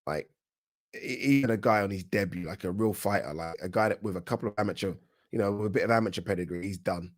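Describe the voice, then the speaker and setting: British guy doing a live fight watch-along, kinda low voice, chatty, trips over his words. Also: fast talker. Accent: British English. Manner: casual, chatty, repeats and restarts words while reacting. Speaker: boxing channel host.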